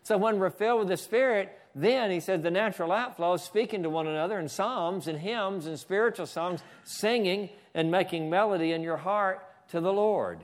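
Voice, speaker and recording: A man whose voice sits high preaches a church sermon at normal speed with few pauses. As a pastor, he frequently asks "Amen?" and breaks off to instruct whoever runs the slides.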